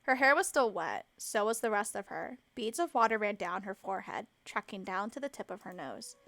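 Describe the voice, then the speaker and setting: A woman streamer reading a visual novel aloud with expressive, self-mocking asides. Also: mid-range voice, fairly quick. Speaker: let's play streamer.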